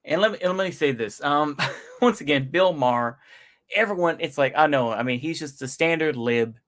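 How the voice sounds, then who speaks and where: A man's voice: fairly high pitch, expressive, moderate pace, a bit bright. A man giving casual reaction commentary, rambling and slangy, with frequent sighs and chuckles. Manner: slangy, sighing, laughing to himself. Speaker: YouTube commentator.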